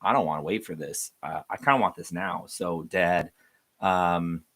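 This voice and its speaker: Man putting on a brash young guy, slangy, cocky, deep voice, a bit hushed. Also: moderate pace. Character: brash young man cashing out his inheritance.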